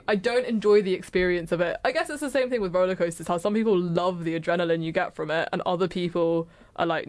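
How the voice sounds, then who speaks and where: A woman from the UK, a guest on a casual film podcast, chatting and laughing readily. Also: fairly low pitch. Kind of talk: casual chat.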